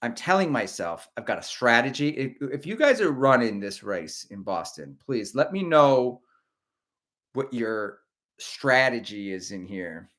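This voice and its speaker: A man's voice: medium pitch, sing-song, unhurried, a bit bright. A middle-aged man hosting a casual livestream, rambling and chatty as he reads out viewer comments. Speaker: host of a running livestream.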